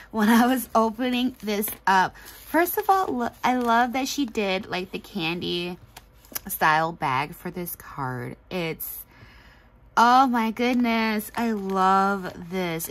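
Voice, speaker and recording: A woman's voice: mid-range voice, a little hiss or hum, low-quality recording. A woman hosting a casual craft unboxing, chatty and gushing, laughing often. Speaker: craft channel host.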